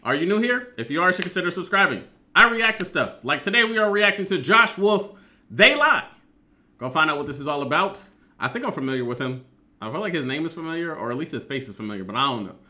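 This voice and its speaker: A man's voice: fairly high pitch, animated, fast. A man hosting a reaction video, chatting casually and talking back at the clip he is watching. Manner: chatty, talks back at the video, laughs loudly.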